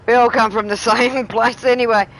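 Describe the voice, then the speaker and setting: A woman's voice: a little high, fairly even intonation, normal speed, a bit bright, rough recording. Chatty middle-aged Australian woman. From Tasmania, Australia. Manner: chatty, rambling, laughs often. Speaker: live streamer. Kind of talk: casual live-stream chat.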